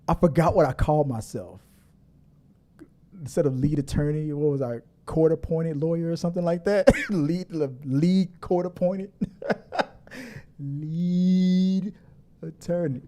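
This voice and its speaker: A middle-aged man hosts a loose, unscripted livestream, talking in a fairly high voice. He rambles, restarts his sentences and laughs often as he reacts to viewer comments. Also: animated, unhurried, darkish tone. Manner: rambling, chatty, laughs a lot, with frequent restarts. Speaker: host of a movie news livestream. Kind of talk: casual livestream chat reading viewer comments.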